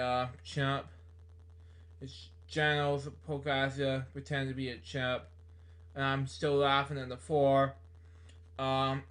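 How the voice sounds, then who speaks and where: Casting note: a man reading a book aloud, halting and slow, with many fillers. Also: mid-range voice, fairly bright tone. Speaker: book reader.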